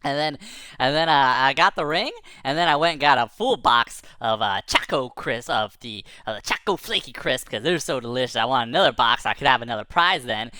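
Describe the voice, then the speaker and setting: A woman tells a silly first-person tall tale for children, rambling along and throwing in playful sound effects. Her voice sits low yet sounds bright and crisp, and her pitch swings widely. The recording is close and dry. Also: lively intonation, fairly quick. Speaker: storyteller.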